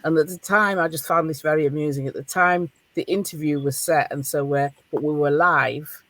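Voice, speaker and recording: Northern english woman, middle-aged, hosting a chat on a video call, animated, dry close sound. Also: deep voice, normal speed, no echo. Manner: animated, laughing, encouraging. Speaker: podcast host. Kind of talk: casual roundtable chat.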